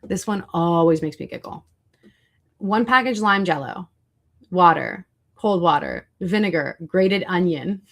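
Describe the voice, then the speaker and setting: Woman chatting on a livestream, lowish voice with lots of fry, talks back to the chat. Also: animated, a little slow. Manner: chatty, reacts to chat and searches food online. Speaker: livestream host.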